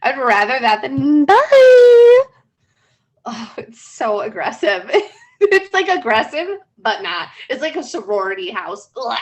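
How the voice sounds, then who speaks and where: This is a woman co-hosting a podcast, her voice sitting a little high. She talks in an animated, loose way, swears freely and laughs often. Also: a little slow. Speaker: podcast co-host. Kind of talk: casual chat.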